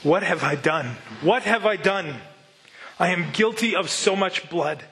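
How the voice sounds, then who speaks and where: A preacher voicing an older former soldier weighed down by guilt, who repeats himself as he pleads. The tone is somewhat high and bright. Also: lively intonation, unhurried, long reverb tail, heavily acted. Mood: remorseful. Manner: pleading, broken repetition. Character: remorseful older male ex-soldier, guilt-stricken.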